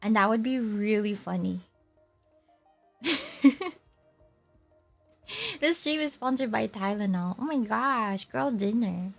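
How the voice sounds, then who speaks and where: A woman's voice: mid-range voice, measured pace, gravelly, soft background music. A young woman chatting casually on a livestream, rambling, teasing herself and laughing often. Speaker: VTuber streamer.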